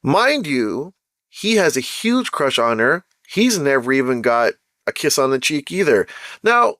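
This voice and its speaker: A man's voice: medium pitch, measured pace, no echo, studio quality. A man hosting his own show, telling a personal story in a casual, slangy way and checking in with the listener often. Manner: slangy and animated, keeps saying "bro" and "right?".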